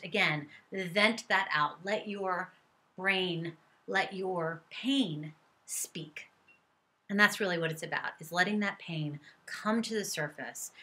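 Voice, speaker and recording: A woman's voice: mid-range voice, pushed and bright. A middle-aged woman therapist giving earnest, coaching advice straight to her viewers and sometimes voicing angry statements as examples. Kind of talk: direct-to-camera advice talk.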